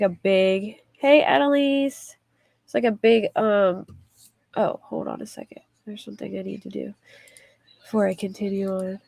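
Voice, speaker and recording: A woman's voice: mid-range voice, gravelly, no room sound. A woman hosting a casual livestream, chatting in a rambling way and reading viewer comments aloud. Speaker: livestream host.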